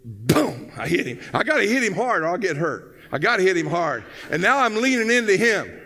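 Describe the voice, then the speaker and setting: A older man preaching a sermon, telling stories with energy that swings from loud to hushed. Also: sits high, big pitch swings, fairly quick. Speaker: pastor. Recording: long hall reverb.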